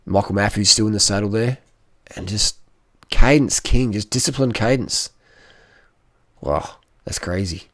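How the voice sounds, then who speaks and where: A man commenting casually over race footage in an excitable, slangy way, full of exclamations. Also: lowish voice, unhurried, long pauses, dry recording, clean studio sound. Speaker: cycling vlogger.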